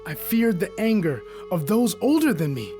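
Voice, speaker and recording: A man's voice: high voice, big pitch swings, normal speed, mellow, voice pushed up. A frightened young man pleads anxiously in a raised, strained voice, as a male narrator puts him on. Music runs behind the reading. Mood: pleading.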